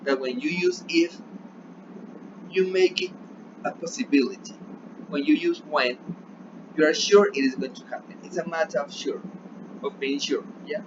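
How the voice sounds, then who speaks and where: A male English teacher with a Colombian Spanish accent and a voice a little higher than most men's leads a recorded remote lesson. He switches between English and Spanish and often pauses to check in with "yeah?". The recording is dull and lo-fi, with clear background noise.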